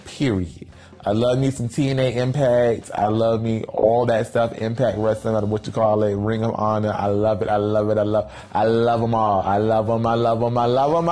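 A man's voice: mid-range voice, fairly even intonation, moderate pace, mellow, soft background music. A man in a casual storytime monologue, talking in a sassy, theatrical, profane way, full of "girl" and "bitch" asides. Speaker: vlogger telling a story.

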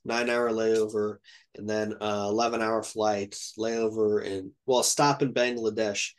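A man's voice: on the low side, a little slow. Rambling man telling a travel story. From Ohio, USA. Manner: rambling, animated retelling with quoted voices. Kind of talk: casual storytelling.

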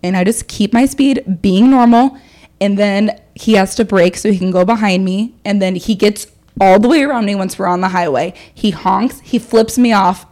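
A woman's voice: mid-range voice, normal speed. Young woman co-host, casual storyteller, chatty podcast banter. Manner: animated storyteller, reads listener emails aloud. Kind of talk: casual chat.

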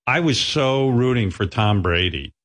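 A man's voice: medium pitch, expressive, unhurried, a bit bright. A middle-aged man hosting a radio show in a studio, telling rambling, profane, self-mocking stories in casual banter.

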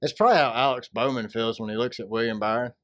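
A man's voice: medium pitch, quick pace, a bit bright, no echo, studio quality. A man co-hosting a casual racing podcast, bantering and laughing a lot. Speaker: podcast co-host. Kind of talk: casual joking chat.

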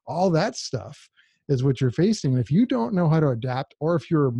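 A man's voice: on the high side, big pitch swings, normal speed, creaky, mellow, husky, no echo, lo-fi sound. A man co-hosting a podcast, talking in a direct, emphatic, casual way. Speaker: podcast co-host.

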